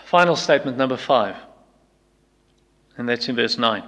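Emphatic preacher in a reverberant hall. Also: male voice, medium pitch, lively intonation, moderate pace, fairly bright tone. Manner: emphatic, repeats lines and acts out excuses in quoted voices. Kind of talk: sermon.

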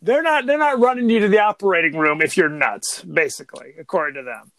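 A man's voice: high-pitched, fast talker, no echo. A man co-hosting a podcast, chatting in a jokey, rambling way about a film. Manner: animated, jokey, rambling with restarts. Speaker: podcast co-host. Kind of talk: casual film discussion chat.

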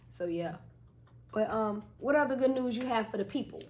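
A woman's voice: fairly high pitch, moderate pace. Chatty woman co-host who laughs a lot. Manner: laughs often, animated storytelling. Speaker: podcast co-host. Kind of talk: casual chat.

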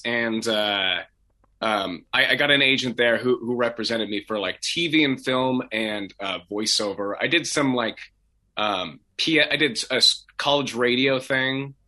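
A young adult man from Oregon, a voice actor telling his backstory in a relaxed, rambling way full of fillers and restarts. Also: on the low side. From Portland, Oregon. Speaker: voice actor guest. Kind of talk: casual interview chat.

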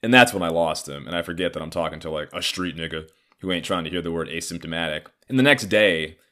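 A man's voice: deep voice, fast talker, bright, forceful tone. A man in his thirties telling a personal story in a casual, heated and profane way. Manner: profane, heated, acts out others' lines.

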